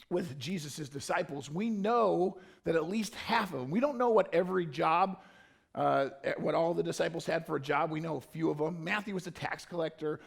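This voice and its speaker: A male pastor with a fairly high, gravelly voice and a husky edge, preaching in a loose, conversational way. He jokes and drifts into informal asides as he retells the story. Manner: informal, joking, rambling asides. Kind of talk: casual conversational sermon. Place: church.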